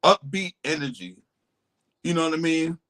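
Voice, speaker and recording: A man chatting casually about a dating show, relaxed and easygoing, who sometimes mimics upbeat voices. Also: normal speed. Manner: laid-back, acts out voices going high and upbeat. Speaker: co-host guest. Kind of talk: casual chat.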